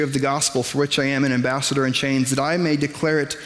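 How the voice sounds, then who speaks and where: Conversational pastor preaching in a reverberant hall. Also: male voice, mid-range voice, steady tone, a bit bright. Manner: conversational, self-deprecating preaching with quick asides. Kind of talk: sermon. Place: church sanctuary.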